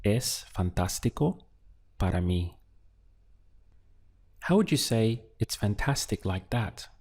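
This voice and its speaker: A man teaching useful phrases in a slow, clear lesson, giving prompts and then the model answers. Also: lowish voice, animated, a little mellow. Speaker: language teacher. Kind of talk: audio language lesson.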